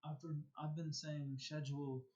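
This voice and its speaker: A man's voice: medium pitch, dull audio. An American man casually telling a personal story on a live stream, stumbling and repeating words as he goes. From United States. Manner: halting, repeats words and restarts often.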